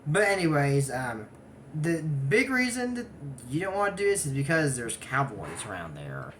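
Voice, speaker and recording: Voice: mid-range voice, very animated, normal speed, a bit bright, slight background noise. A speaker in their twenties giving a casual, rambling recap of a cartoon episode, full of digressive asides. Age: 20s. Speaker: anime episode reviewer.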